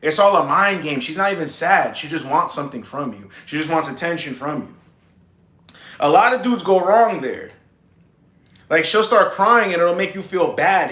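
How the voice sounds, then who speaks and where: Guy with a high bright voice giving blunt dating advice, echoey room. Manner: blunt, emphatic, calls listeners bro. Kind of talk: casual advice monologue.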